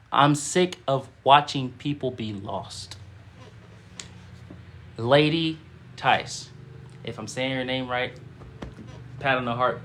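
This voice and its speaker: A man's voice: mid-range voice, sharp tone, slight background noise. A man leading a livestream of spiritual affirmations and guided breathing, emphatic and casual, with lots of call-and-response and repeated phrases. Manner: casual slangy speech.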